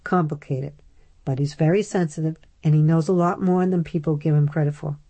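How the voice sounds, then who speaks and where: A woman's voice: sits low, steady tone, fairly quick, warm tone, dry recording. A woman voicing an earnest, protective young woman. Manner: earnest and direct.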